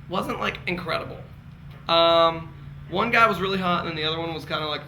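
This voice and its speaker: A man's voice: on the high side, brisk, pushed and bright, a little hiss or hum, poor audio. A man telling candid, campy stories to friends as a casual vlog, laughing often. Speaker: vlogger. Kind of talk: casual gossipy storytelling.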